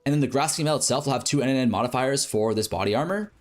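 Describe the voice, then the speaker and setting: A man's voice: medium pitch, rapid-fire, faint music behind. A man streaming a game, casually thinking aloud through a crafting plan and correcting himself as he goes. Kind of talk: explaining a game crafting strategy.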